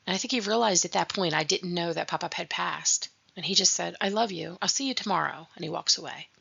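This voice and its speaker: In a dull lo-fi recording, a young adult woman hosts a podcast, sharing a personal story of grief in an earnest, reflective way. Her voice is fairly low, gravelly and sharp, with a breathy edge.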